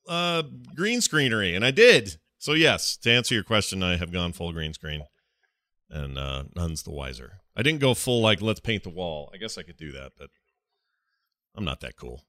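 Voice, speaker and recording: A man's voice: low-pitched, very animated, normal speed, bright, forceful tone, dry recording, studio quality. A man in his thirties co-hosting a podcast, rambling and self-deprecating in casual chat. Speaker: podcast co-host.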